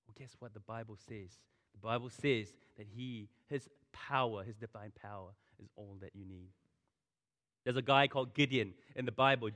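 Here a man delivers an impassioned sermon, driving points home by repeating phrases. He speaks at a normal pace in a lowish, slightly bright voice, with a large hall's long reverb surrounding him.

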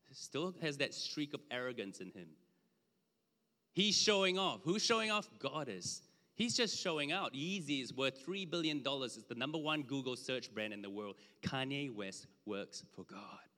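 A man preaching a conversational sermon with slides, emphatic at times and dropping low for asides. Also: sharp tone. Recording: long hall reverb.

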